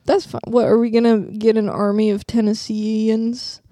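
A woman's voice: a little high, flat delivery, moderate pace, dark tone, no echo, clean studio sound. A woman cohosting a comedy podcast in loose, jokey chat, laughing easily and swearing casually. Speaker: podcast co-host.

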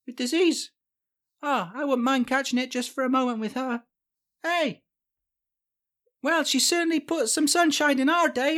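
A woman's voice: sits high, fairly bright tone. A woman voicing an odd, creepy boy who hosts a spy podcast, rambling and awkward with lots of fillers. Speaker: podcast host.

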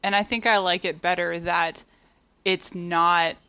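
A woman co-hosting a podcast in casual chat, animated and quick to laugh. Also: on the low side, clean tone, no echo. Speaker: podcast co-host.

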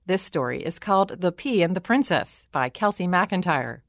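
A woman storyteller reading a children's story aloud with expressive narration. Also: on the low side, normal speed, no echo, clean studio sound.

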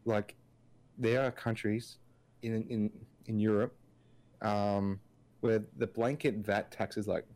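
A man's voice: lowish voice, fairly even intonation, slow, a little mellow. A man co-hosting a casual podcast, rambling through his points with lots of filler words and restarts. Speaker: podcast co-host. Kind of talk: casual chat.

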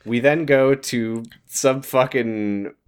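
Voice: mid-range voice, slow pace, clear, resonant tone. A podcast co-host retelling a TV episode in casual comedic chat, animatedly acting out characters and laughing.

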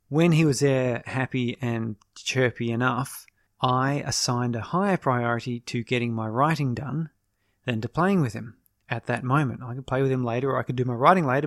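A man's voice: mid-range voice, no room sound, studio quality. Thoughtful man musing on his podcast. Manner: thoughtful, explanatory, restarts and self-corrections. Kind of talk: casual reflective monologue.

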